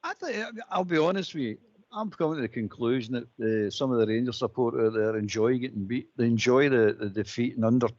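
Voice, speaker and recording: A man's voice: medium pitch, darkish tone, no room sound. A Scottish man on a fan phone-in show, talking bluntly and emphatically, repeating his points and calling everyone mate. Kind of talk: casual opinionated chat. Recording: dull lo-fi dry sound.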